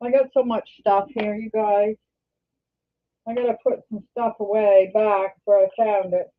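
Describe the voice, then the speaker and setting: An older Canadian woman hosting a casual livestream, talking in a rambling, halting way and often restarting her sentences. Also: mid-range voice, flat delivery. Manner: rambling, halting, self-correcting. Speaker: livestream host. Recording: tinny phone-like sound.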